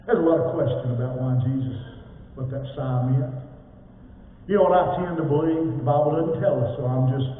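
A man's voice: medium pitch, fairly quick. Preaching man in an echoey hall. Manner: folksy storytelling, swelling then dropping to a hush. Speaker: pastor. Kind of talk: sermon. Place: church sanctuary. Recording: echoey hall from far off, tinny phone-like sound.

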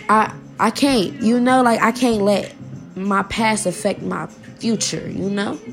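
Young woman, heartfelt and informal. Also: mid-range voice. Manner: heartfelt, informal, repeats herself while searching for words. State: close to tears at times. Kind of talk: personal vlog talking to viewers.

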